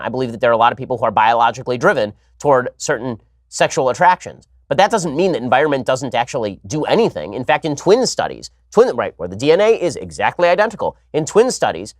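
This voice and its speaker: A man hosting a political talk show, delivering a rapid opinionated monologue full of sarcastic, mocking asides. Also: mid-range voice, no echo, studio quality.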